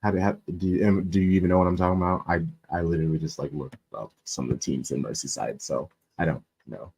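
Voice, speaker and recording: A man's voice: sits low, steady tone, fast talker, vocal fry, darkish tone. A man hosting a casual live-stream sports chat, playful and joking, laughing often. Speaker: podcast host.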